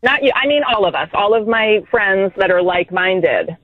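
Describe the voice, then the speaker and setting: A woman phones in to a radio show, earnest and troubled, her words coming in halting bursts. Her voice arrives thin and tinny over the phone line, dry with no room around it. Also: mid-range voice, lively intonation, no room sound. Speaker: caller. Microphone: telephone.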